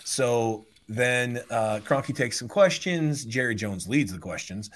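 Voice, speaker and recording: A man's voice: mid-range voice, slow. A man hosting a sports talk show, energetically recapping a story and slipping into impressions. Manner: energetic retelling, slips into voices.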